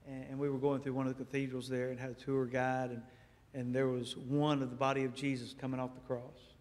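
A man preaching a sermon as a guest speaker, telling stories in a lively way and acting out dialogue in a church. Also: medium pitch. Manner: animated storytelling, acts out dialogue. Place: church sanctuary. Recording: echoey church hall.

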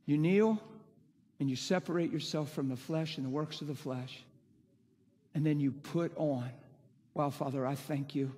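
A man's voice: on the high side, normal speed, long pauses, mellow. A man preaching a sermon with emphatic, impassioned delivery and rhetorical questions. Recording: long hall reverb.

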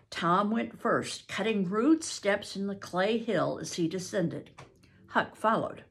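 An older woman, a grandmother, reading a classic novel aloud in a slow, expressive storytelling manner. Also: medium pitch, vocal fry. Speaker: reader.

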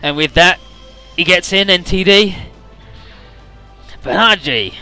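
Bright-voiced casual game commentator, man. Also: sits high, steady tone, moderate pace, clear, resonant tone, soft background music. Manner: loose, irreverent retelling full of swearing and filler words. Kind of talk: casual let's-play story recap.

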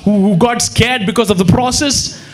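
Animated high-voiced male preacher. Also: moderate pace, a little hiss or hum. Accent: Indian English. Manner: animated preaching, acts out quotes, sudden shouts. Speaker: pastor. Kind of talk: sermon. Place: church hall.

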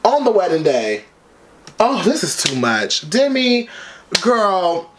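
A man hosting a music video reaction, dramatic, sassy and loud, full of slang. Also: high-pitched, wildly swooping pitch, slow, very noisy. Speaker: YouTube reaction host. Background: faint music from the video.

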